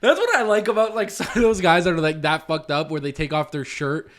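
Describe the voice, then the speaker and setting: A young man chatting on a podcast with a slightly high voice. He tells stories in an animated way, acting out what others said and laughing often. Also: fairly quick. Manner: animated storyteller, acts out quotes, laughs often. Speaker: podcast co-host. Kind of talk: casual chat.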